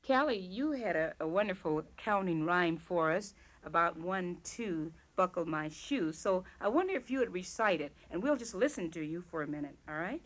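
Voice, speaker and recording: A woman's voice: lowish voice, animated, moderate pace, few pauses. A woman leading children through a counting rhyme, coaxing and encouraging them in a teacherly way. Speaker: children's session leader.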